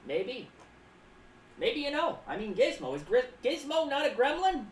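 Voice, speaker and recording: A woman streams in character as a clown, rambling casually, reading chat aloud, tossing in playful asides and often calling herself by the third person. Her high voice is very animated but a little slow, and she is recorded off-mic from a distance in a roomy space with faint background noise.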